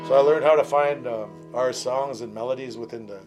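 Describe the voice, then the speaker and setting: A man's voice: medium pitch, brisk, over loud music. A man in his fifties from northern Ontario, a musician guest in a casual interview, telling stories in a laid-back way with casual swearing. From northern Ontario, Canada.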